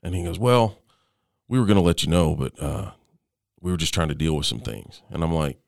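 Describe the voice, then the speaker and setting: Extremely low and gravelly, this middle-aged man's voice is animated as he shares his personal story as an interview guest. He halts, restarts, fills gaps, and often goes quieter, in dry, close sound with no room tone.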